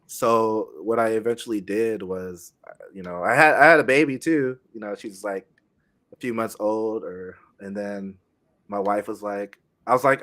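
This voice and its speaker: A young man chatting casually as a guest on a streaming podcast, speaking haltingly with many pauses and restarts. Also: fairly low pitch. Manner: halting, many fillers and restarts, soft-spoken.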